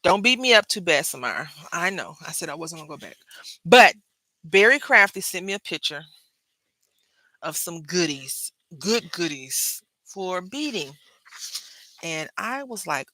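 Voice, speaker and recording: A woman's voice: on the low side, animated, moderate pace, pushed and bright, dry recording. A woman hosting her crafting channel, chatting casually to viewers while she works at her craft desk. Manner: chatty, talks straight to viewers and chat, laughs often.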